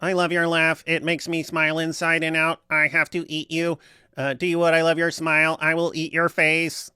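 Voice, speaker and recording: Man doing a mock robot alien, pitched up, stiff and menacing, dry. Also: monotone, normal speed, pushed and bright, clean tone, no echo.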